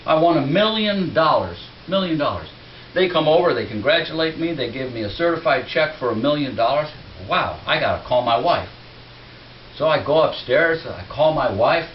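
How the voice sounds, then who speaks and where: A man's voice: a little high, animated, moderate pace, recorded from a distance. A male stand-up comedian on a comedy club stage, telling a story in a conversational way that builds to punchlines. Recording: dull roomy club recording with faint hiss.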